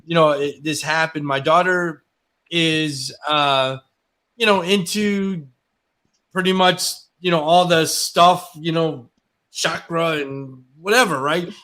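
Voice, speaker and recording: A middle-aged man co-hosting a casual talk show, telling a story in an animated way and exclaiming in disbelief. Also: a little high, slow. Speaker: co-host. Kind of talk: casual radio chat.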